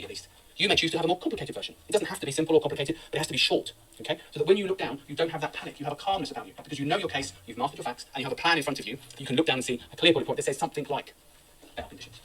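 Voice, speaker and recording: A middle-aged man giving a brisk, anecdotal law lecture to students, recorded from a distance. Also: on the high side, husky. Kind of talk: classroom lecture.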